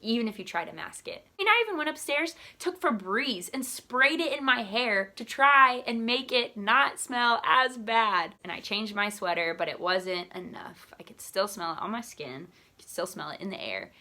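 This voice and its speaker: A young woman vlogging about her week, with a bright, clear voice. She tells her story animatedly and acts out the voices of the people in it. She talks like a church ministry worker chatting with her followers. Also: a little high, animated, moderate pace, hardly any pauses. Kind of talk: personal vlog storytelling.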